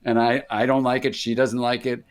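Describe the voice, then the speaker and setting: A man's voice: medium pitch, flat delivery, a little fast. Older man telling rambling anecdotes. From United States. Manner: rambling, self-interrupting, acts out voices in anecdotes. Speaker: interview guest, psychiatrist. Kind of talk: casual conversational storytelling.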